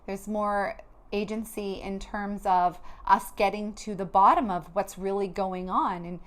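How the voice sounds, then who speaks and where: A woman speaks to her viewers at an ordinary middle pitch, earnest and heartfelt. Her talk is loose and unscripted, full of small restarts as she coaxes them toward a better outlook. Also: fairly even intonation, a little slow, fairly bright tone. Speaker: spiritual vlogger. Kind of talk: earnest motivational talk to camera.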